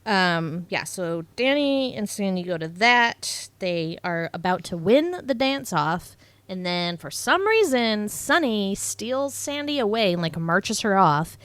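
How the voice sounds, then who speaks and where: A woman's voice: mid-range voice, big pitch swings, slow pace, fairly bright tone, clear, resonant tone, no echo. A young woman chatting through a movie recap on a podcast, swearing freely and peppering everything with "like" and "um". Her voice is recorded dry and close, with no room sound. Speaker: podcast co-host. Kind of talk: casual chat recapping a movie.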